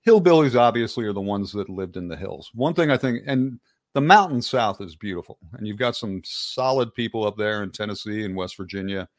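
A man with a fairly low voice, speaking as a guest on a casual podcast. He rambles and digresses, often restarting his sentences. The sound is dry and close to the mic. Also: expressive, fairly quick, dry recording. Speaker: guest author.

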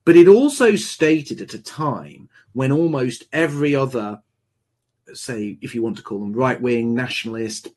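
A man hosting a book discussion, speaking deliberately and building his points with emphasis. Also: medium pitch, a little mellow, slightly rough.

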